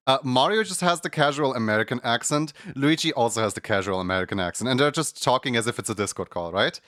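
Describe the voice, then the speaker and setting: A man streaming, chatting casually in an animated, rambling way with lots of fillers and laughter. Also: lowish voice, no echo, clean studio sound.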